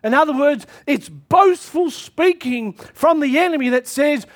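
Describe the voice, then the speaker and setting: A man preaching a sermon to his church, reading scripture and pushing into shouted calls to action. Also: very high voice, animated, measured pace. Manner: impassioned preaching that swells into shouted exhortations.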